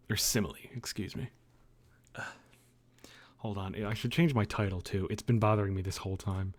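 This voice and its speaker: A man's voice: on the low side, normal speed, pauses often. A man livestreaming from his bedroom, chatting loosely with viewers, rambling, joking and swearing. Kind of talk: casual chat with viewers. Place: own dimly lit bedroom.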